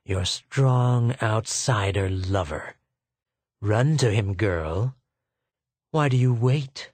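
A cruel male official with a sneer in every word, as a man reads him. The voice sits low and moves at a slow, unhurried crawl, dry and close to the mic. He mocks and threatens with cold deliberation. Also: no echo. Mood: mocking. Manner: contemptuous, mocking, deliberate.

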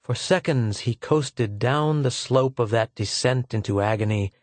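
A male audiobook narrator reads scripted narration in a measured, medium-pitched voice. The studio sound is clean, with no room sound.

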